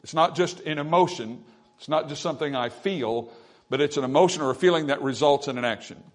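A man preaching with a fairly high voice, leaning hard into the quoted lines and calling out to his listeners for agreement. He swings between loud emphatic phrases and quieter, conversational asides. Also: fairly quick. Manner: emphatic preaching with call-and-response "Amen?". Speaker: pastor. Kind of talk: sermon.

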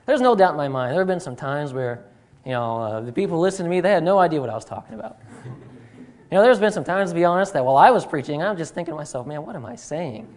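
A man's voice: fairly high pitch, lively intonation, fast talker, darkish tone. A young man preaching in a church as a guest speaker, chatty and self-deprecating, with plenty of fillers. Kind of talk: sermon. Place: church sanctuary.

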